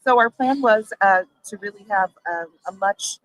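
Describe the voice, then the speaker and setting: A brewery owner in a livestream interview, talking heatedly and emphatically, the voice swinging between loud and soft. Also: medium pitch, normal speed, no echo, rough recording.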